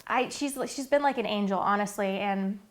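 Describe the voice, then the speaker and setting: A woman's voice: mid-range voice, normal speed. A woman in her thirties talking casually to camera about her family's routine, earnest and chatty with many fillers. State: getting emotional, near tears. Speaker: vlogger and mother.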